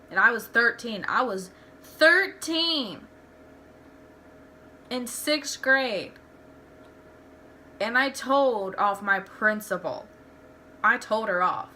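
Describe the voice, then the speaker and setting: A woman's voice: mid-range voice, sharp tone, a little hiss or hum. A young woman tells personal stories in a candid, rambling home vlog, restarting her sentences often. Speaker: vlogger. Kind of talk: casual storytelling vlog.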